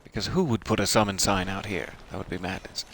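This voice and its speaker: Low-pitched man, dry wit, casual game-stream commentary, faint hiss behind. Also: fast, a bit bright. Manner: wry, chatty, mock-formal wording. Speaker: streamer playing a video game.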